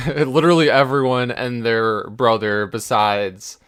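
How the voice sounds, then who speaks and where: A man co-hosting a casual gaming podcast, chiming in with quick teasing asides. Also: mid-range voice, little pitch movement, a bit bright, smooth. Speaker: podcast co-host.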